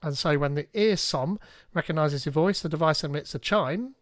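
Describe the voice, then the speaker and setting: A man hosting a live tech tutorial, reading instructions aloud and thinking out loud as he goes. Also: on the high side, moderate pace, dry recording, clean studio sound. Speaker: tech streamer.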